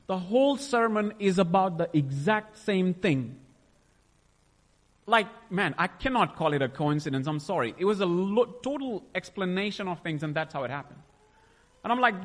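A man's voice: high-pitched, expressive, moderate pace, a bit bright, big-room sound. A young man sharing a personal faith testimony, emotional and rambling, often stopping to restart his sentences. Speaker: testimony speaker.

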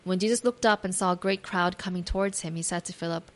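Woman, slightly low voice, devotional talk, reads scripture, imaginative Bible storytelling, gentle asides. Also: steady tone, fast. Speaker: devotional speaker.

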